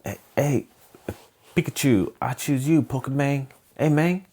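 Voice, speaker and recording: A man voicing a swaggering young East LA street guy with an East Los Angeles accent, calling out loud drawling lines. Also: medium pitch, measured pace, pitched above the performer's own voice, lightly acted.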